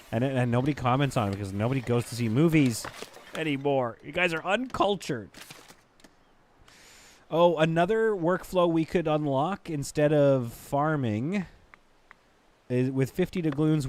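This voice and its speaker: A man's voice: mid-range voice, a little mellow. Man chatting through a game stream. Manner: rambling, thinking aloud, chatting to viewers. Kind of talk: casual gameplay commentary.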